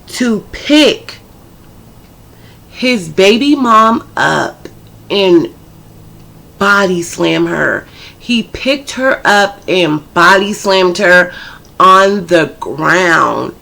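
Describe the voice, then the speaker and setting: A woman's voice: mid-range voice, animated, drawn-out words, gravelly, pauses often, fairly bright tone. A woman vlogger casually telling a personal story, chatty and full of profanity. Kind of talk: storytime vlog.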